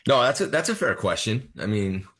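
Low husky-voiced football coach. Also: male voice, big pitch swings, fairly quick, a bit bright. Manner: explanatory, repeats words while thinking. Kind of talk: radio interview answers.

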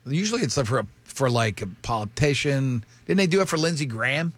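A man's voice: medium pitch, fairly quick, no echo. A male show host telling rambling stories in casual banter with his co-hosts. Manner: rambling, animated storytelling with restarts.

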